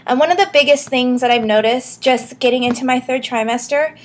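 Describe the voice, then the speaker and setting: A young woman talks through a casual vlog update in a slightly high voice. She sounds a little short of breath and giggles between thoughts, with lots of ums and likes. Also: a little fast. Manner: chatty, giggly, many fillers and restarts. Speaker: vlogger.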